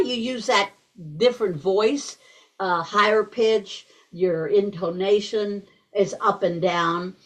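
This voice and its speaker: A woman giving a talk to a group of parents on early reading, deliberate and repeating key words for emphasis. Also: medium pitch, low-quality recording. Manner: acts out simple phrases parents say to babies. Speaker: guest speaker on early reading.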